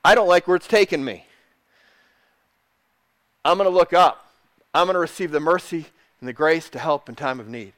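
A man's voice: fairly high pitch, normal speed, pauses often, a bit bright, dry recording. A man preaching a sermon, earnest and emphatic, repeating phrases and restarting mid-thought. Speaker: pastor.

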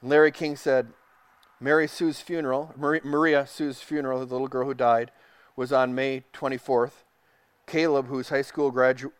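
Pastor preaching with a dry close sound. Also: male voice, mid-range voice, no room sound. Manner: reads quotes aloud, drops to a soft hush for tender passages. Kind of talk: sermon.

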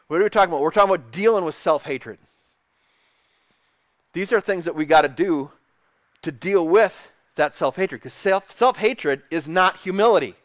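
A man's voice: sits high, moderate pace, dry recording. A man preaching a sermon, earnest and emphatic, repeating phrases and restarting mid-thought. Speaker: pastor.

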